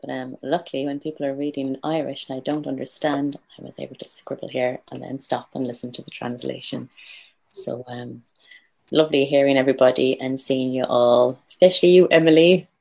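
Give me a deep, gravelly woman with a dark, steady voice. She gives an intimate, measured poetry reading at an open mic over a video call. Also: rough recording.

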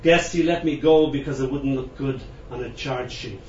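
A man tells a personal story in a gentle, tender voice that often drops low and hushed. He is picked up from a distance in a roomy space, and the recording sounds dull and muffled. A faint hiss sits underneath. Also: normal speed. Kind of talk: spoken storytelling performance.

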